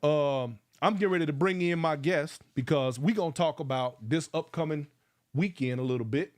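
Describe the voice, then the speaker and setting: A man's voice: a little high, moderate pace, darkish tone. A man of about fifty hosting a casual livestream, fired up and preachy, calling out viewers by name. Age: around 50. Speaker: livestream host.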